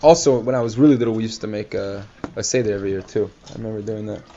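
A man's voice: lowish voice, racing. A man casually telling a personal story, rambling with many fillers and acting out the people he quotes. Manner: rambling, filler-heavy, animated quoting of others. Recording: dull lo-fi recording with faint hiss.

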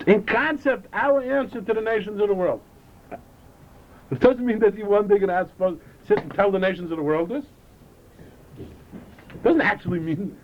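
A man teaching a Chassidic lecture, animated, often repeating and restarting his phrases. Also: high-pitched, moderate pace, long pauses. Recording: dull lo-fi recording with faint noise.

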